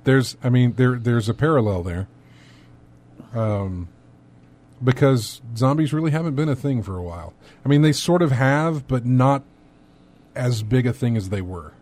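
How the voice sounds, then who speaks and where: A man's voice: mid-range voice, expressive, moderate pace, a little mellow. A man co-hosting a casual gaming news talk, rambling and thinking aloud with many fillers. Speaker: podcast co-host.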